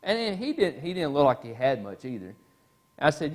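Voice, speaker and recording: A man's voice: a little high, moderate pace. Folksy man telling a story to a class. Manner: folksy, animated storytelling with many fillers. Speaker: Bible class teacher. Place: church classroom.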